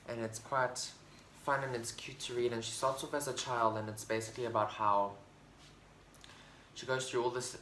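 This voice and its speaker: A fairly bright, medium-pitched man chats enthusiastically about his favorite books for his vlog, rambling with lots of fillers and restarts. He's in a room at home with a bookshelf, and the recording has roomy echo with faint background noise.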